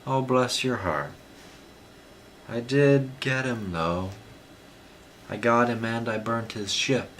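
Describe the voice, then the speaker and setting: A man's voice: mid-range voice, slow pace, pauses often, a bit bright, slight background noise, pitched above the performer's own voice. A man voicing a wounded young thief who speaks weakly and wryly. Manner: weak, strained, wry. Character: wounded young male thief, wry, dying.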